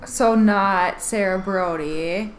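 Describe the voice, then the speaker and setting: A woman's voice: mid-range voice, slow pace, slight background noise. A woman co-hosting a podcast, reacting to a story with short remarks in casual chat. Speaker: podcast co-host.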